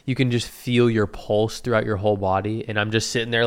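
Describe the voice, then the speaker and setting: A man's voice: mid-range voice, fairly even intonation, brisk, clean tone. A man in his twenties casually telling a rambling, profane story about his own day, with self-deprecating asides.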